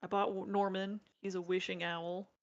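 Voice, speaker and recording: A woman's voice: mid-range voice, level tone, moderate pace, lo-fi sound. A young woman chatting casually while building model kits, telling stories with lots of fillers. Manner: rambling, filler-heavy storytelling. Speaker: streamer co-host.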